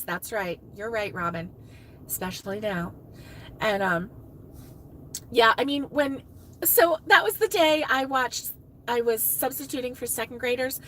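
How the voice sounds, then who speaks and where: A woman's voice: high voice, a bit bright, rough recording. A middle-aged woman hosting a crochet live stream, chatting casually, laughing often and answering viewers' comments. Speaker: crochet livestream host.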